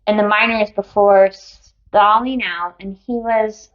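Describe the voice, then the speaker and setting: Woman cohost tossing in quick dry jokes, casual chat, kinda muffled sound. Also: mid-range voice, steady tone. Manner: quick wry interjections. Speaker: podcast co-host.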